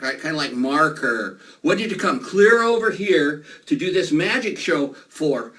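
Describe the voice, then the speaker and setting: A man performing a children's magic show, playful and animated as he talks to the kids. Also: fairly high pitch, normal speed. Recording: distant mic, faint noise.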